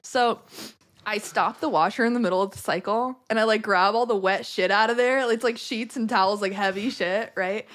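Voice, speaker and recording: A woman guest on a podcast, telling a story in a casual, animated way, swearing a lot and saying "like" constantly. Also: medium pitch, moderate pace. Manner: animated, profane, heavy use of "like".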